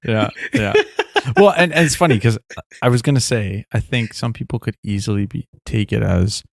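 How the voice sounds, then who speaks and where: A man co-hosting a podcast, speaking in a relaxed, reflective way with some teasing. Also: on the low side, normal speed, creaky, dry recording, studio quality. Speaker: podcast co-host. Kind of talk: casual chat.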